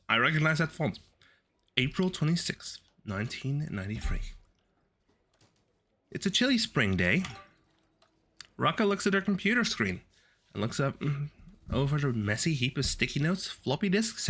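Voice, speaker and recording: A man's voice: on the high side, very animated, moderate pace, pauses often, fairly bright tone. A male streamer reading a video game's story text aloud and adding wry, sardonic asides.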